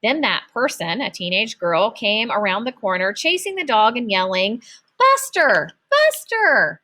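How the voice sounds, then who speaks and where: A woman narrating a children's book aloud in an expressive storytelling manner. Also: medium pitch, normal speed. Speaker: audiobook narrator.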